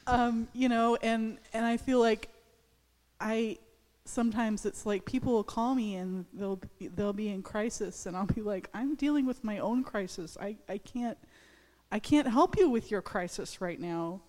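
A woman's voice: on the high side, a little mellow. Hesitant woman pastor in echoing church. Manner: hesitant, halting, many restarts and fillers. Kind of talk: personal testimony in a church service. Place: church sanctuary.

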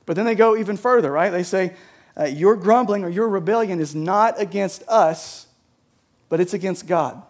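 A man's voice: sits high, moderate pace. A man preaching a sermon as a pastor, conversational, with many restarts and frequent "right?" checks to the congregation. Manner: conversational, repeats words, often asks "right?".

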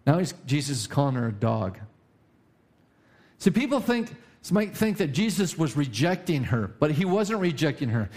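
A male pastor preaching a sermon, repeating key lines with sudden rises and drops in pitch. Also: expressive, normal speed, darkish tone. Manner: preaching with emphatic repetition and sudden pitch swings.

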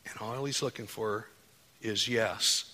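Male preacher, bright forceful voice, long hall reverb, testimony sermon that rises in fervor. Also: lowish voice, takes it slowly. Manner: testimony building to impassioned, rising preaching.

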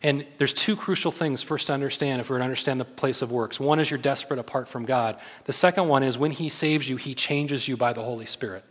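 A man's voice: mid-range voice, fairly even intonation, fast, few pauses, a bit bright. A man preaching a sermon as pastor, earnest, often putting rhetorical questions to the room. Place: church hall. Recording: long hall reverb.

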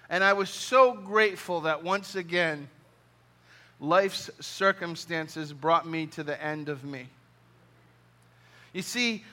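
Pastor guy preaching, high voice, kinda sharp and bright, earnest, repeats himself and restarts lines a lot. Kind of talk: sermon with closing prayer.

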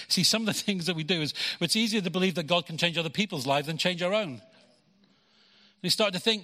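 A man's voice: fairly high pitch, quick pace, pushed and bright. A pastor preaching a conversational sermon, acting out quoted lines and repeating words as he goes. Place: church hall. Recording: long hall reverb.

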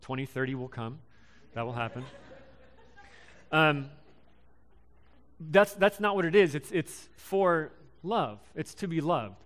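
Young man, sermon, halting with fillers, smooth resonant voice. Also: fairly high pitch, lively intonation, a bit bright. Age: young adult. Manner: casual, halting delivery with many ums and restarts. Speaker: preacher.

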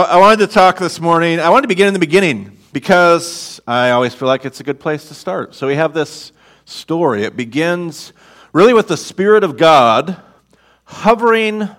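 A man preaching a sermon as a guest speaker on a church stage, playful and animated, calling on the congregation to repeat words. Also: on the high side, a little slow. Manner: playful, animated, audience call-and-response.

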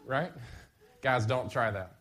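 A middle-aged man preaching a sermon as pastor, lively and conversational, with sudden bursts of emphasis. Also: medium pitch, slow.

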